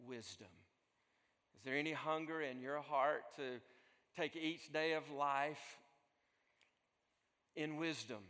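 Slow-spoken male pastor in a hall. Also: fairly high pitch, clean tone. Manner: slow, earnest preaching that swells and then falls soft. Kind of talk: sermon. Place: church. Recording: long echo of a large hall.

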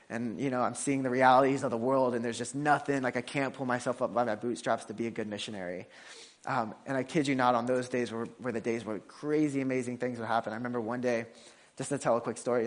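A man preaching a conversational sermon in a casual way, with frequent restarts and fillers while telling a personal story. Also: mid-range voice.

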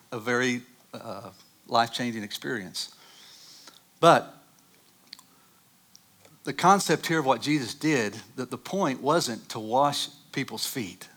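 A man preaching a sermon, reading scripture and telling animated personal stories that rise loud at dramatic moments. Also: medium pitch. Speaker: pastor.

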